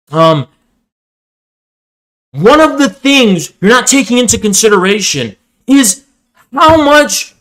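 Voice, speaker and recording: A man mocking a shrill whiny leftist pundit. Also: a bit bright, heavily acted, rough recording. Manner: shrill, exasperated, insulting, drawn-out words. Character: whiny condescending young male leftist pundit.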